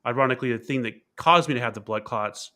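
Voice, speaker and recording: Interview guest, man, bright and forceful tone, candid and reflective storytelling, frequent fillers and repeated words. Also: medium pitch, fast talker. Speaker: keynote speaker and author being interviewed.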